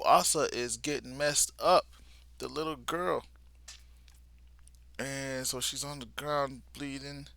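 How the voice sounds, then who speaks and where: A man's voice: mid-range voice, pushed and bright, dry recording. A man giving a live reaction to a comic, retelling it in casual slang and sometimes sinking to a near-whisper. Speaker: vlogger reacting live to a manga.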